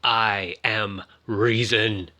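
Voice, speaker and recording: A cold, scheming male supercomputer, as a man puts him on, speaks in slow, measured phrases. The voice stays bright in tone, though the figure sounds calculating and menacing. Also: on the low side, heavily acted. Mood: cold menace. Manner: slow, flat, measured delivery.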